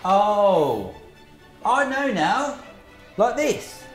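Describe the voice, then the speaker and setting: A man's voice: high-pitched, sing-song, drawn-out words, exaggerated voice. A man playing a goofy, clueless uncle. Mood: curious, playful. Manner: playful, silly, childlike questions. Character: goofy clueless adult uncle learning manners. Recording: roomy room with music behind.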